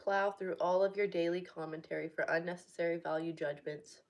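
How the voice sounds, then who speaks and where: A woman's voice: fairly low pitch, steady tone. A young woman casually reading a book aloud, breaking off to chat and laugh now and then. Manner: reads haltingly, stops to chat and laugh.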